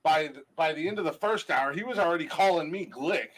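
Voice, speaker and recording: A man's voice: a little high, brisk, fairly bright tone, poor audio. A man co-hosting a casual podcast chat, telling rambling stories with restarts and swearing. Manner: rambling storyteller with restarts and profanity. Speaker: podcast co-host.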